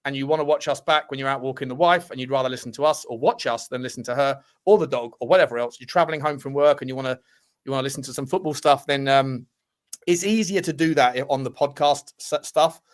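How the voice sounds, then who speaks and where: A man's voice: medium pitch, fast talker. A man co-hosting a football podcast, chatting casually and rambling through sponsor plugs. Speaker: podcast co-host.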